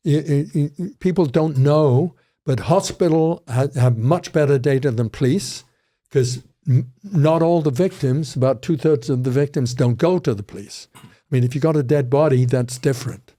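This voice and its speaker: A man's voice: a little high, moderate pace, mellow. An older man, a criminology professor, telling rambling stories with frequent restarts in a casual interview.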